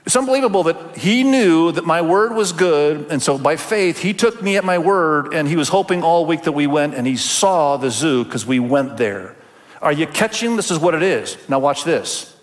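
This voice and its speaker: A man's voice: fairly high pitch, expressive, normal speed. An older man preaching a sermon as pastor, earnest and emphatic, with rhetorical questions. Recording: long hall reverb.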